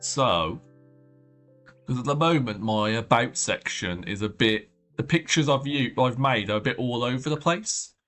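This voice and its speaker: Man, art streamer, casual thinking aloud, rambling, mid-pitched voice, faint music underneath. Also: lively intonation, unhurried. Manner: rambling, thinking aloud with soft trailing phrases. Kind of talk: casual livestream chat while drawing. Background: faint background music.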